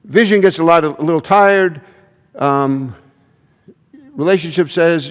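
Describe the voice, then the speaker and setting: A man's voice: on the high side, a little slow, pauses often. A male pastor preaches with a slightly raised voice in a conversational way, stumbling into restarts and asides as he goes. His words ring out with a long reverb through a church hall. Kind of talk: sermon.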